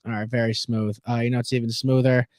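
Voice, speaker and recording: A man's voice: mid-range voice, flat delivery, fast talker, a little mellow, no echo. A man co-hosting a sports betting livestream in loose, profane, joking casual chat. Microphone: home setup streaming over the internet.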